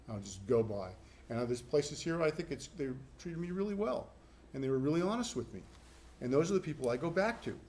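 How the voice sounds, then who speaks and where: A middle-aged man lecturing a college class in a conversational way, repeating himself and acting out quick voices. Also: mid-range voice, a little mellow. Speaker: professor. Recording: echoey classroom with faint noise.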